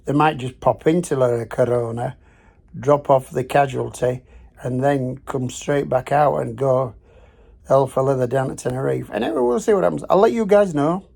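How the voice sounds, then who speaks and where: Gravelly older Northern English man. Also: mid-range voice, normal speed, darkish tone. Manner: chatty and rambling, with frequent fillers and restarts. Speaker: travel vlogger. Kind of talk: casual vlog chat. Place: cruise ship cabin.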